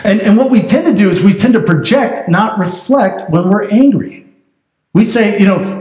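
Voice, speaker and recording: A man pastor preaching a sermon in a conversational, animated way. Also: high voice, moderate pace, reverberant. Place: church sanctuary.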